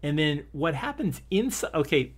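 A man's voice: on the high side, very animated, moderate pace. A man co-hosting a casual discussion, rambling with many restarts and laughing easily. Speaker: podcast co-host. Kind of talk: casual discussion of an old TV episode.

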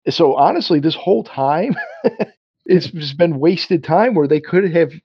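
With lively intonation and a measured pace, this man's fairly high, slightly rough voice comes through dull audio with no echo. Co-hosting a relaxed film podcast, he wanders, interrupts himself and performs quotes.

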